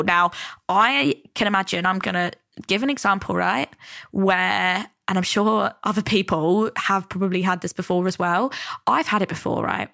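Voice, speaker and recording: A woman's voice: medium pitch, creaky, a bit bright, no room sound, studio quality. A young woman hosting a self-help podcast, chatty and casual, swearing freely and acting out her inner voices. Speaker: podcast host.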